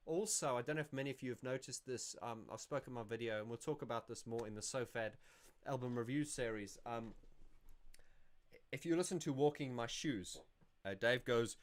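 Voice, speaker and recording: Speaking a little fast at medium pitch, a male livestream host rambles through viewer questions in casual chat. He corrects himself as he goes and sings snippets to illustrate points.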